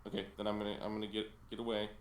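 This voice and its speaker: Low-voiced laid-back player, roomy sound. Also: male voice, monotone, rapid-fire. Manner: laid-back, repeats himself. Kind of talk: casual tabletop play. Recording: roomy with faint noise.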